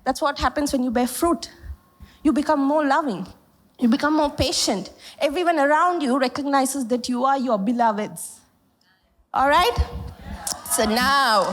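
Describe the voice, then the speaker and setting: A woman in her thirties giving a lively sermon on stage to a congregation and leading call-and-response. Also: high voice, normal speed, long pauses. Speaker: pastor's wife and co-leader. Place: church hall, standing on stage.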